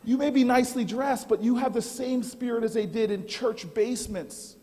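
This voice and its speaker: A man delivers a keynote address at a banquet, moving from playful storytelling into rousing, impassioned oratory. His voice sits fairly high for a man. The sound rings with the long reverb of a large hall. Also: moderate pace, mellow. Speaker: keynote speaker. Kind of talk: keynote speech at a dinner.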